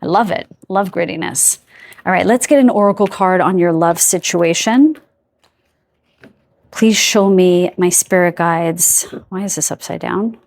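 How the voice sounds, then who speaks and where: Speaking to camera in an unhurried, fairly low voice with vocal fry and a somewhat mellow quality, this woman is a tarot card reader doing an intuitive reading. Her talk is chatty, with words sought out loud, and she stops now and then to consult her spirit guides for messages.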